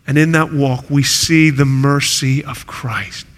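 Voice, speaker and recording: A man's voice: a little high, fairly even intonation, brisk, hardly any pauses, fairly bright tone. Preaching man in a reverberant hall. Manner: earnest preaching, rising to intense emphasis. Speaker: pastor. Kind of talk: sermon.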